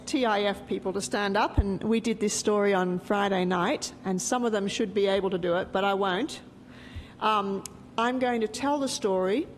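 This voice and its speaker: A middle-aged woman teaching a Bible lesson as a story and quizzing her group so they fill in the blanks. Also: mid-range voice. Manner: lively, asks the group questions and waits for answers. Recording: reverberant hall with faint background noise.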